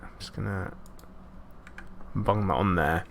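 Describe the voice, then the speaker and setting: Gravelly, low man streaming. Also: a little slow, slight background noise. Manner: chatty, rambling, self-mocking asides. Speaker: game streamer. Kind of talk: casual live gameplay commentary.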